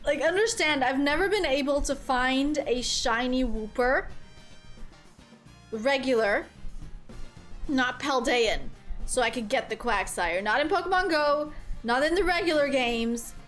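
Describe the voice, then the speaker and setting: A woman giving casual gameplay commentary as a streamer. She is chatty and rambling, with lots of "like", and excitable. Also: high voice, a little slow, faint music behind. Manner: chatty and rambling, heavy use of "like"; excitable, squeals with delight. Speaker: game streamer.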